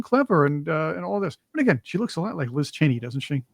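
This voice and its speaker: Host for a political talk show: a man with a slightly high voice who mocks with sarcasm and sounds dry and close. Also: sing-song, quick pace, vocal fry, no echo. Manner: mocking, puts on whiny voices to imitate opponents. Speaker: podcast co-host. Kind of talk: casual political commentary.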